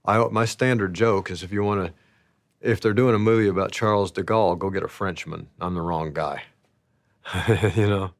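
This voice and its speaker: A man telling stories about his past in a slow, rambling, casual way, laughing often. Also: low-pitched, fairly even intonation, no room sound, clean studio sound. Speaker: interviewee. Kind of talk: casual storytelling.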